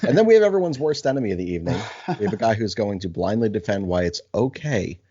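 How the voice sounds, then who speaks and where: A man's voice: fairly low pitch, expressive, fast talker, dark tone, husky, no room sound, muffled recording. A man hosting a casual podcast, brash and teasing with crude jokes. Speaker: podcast host.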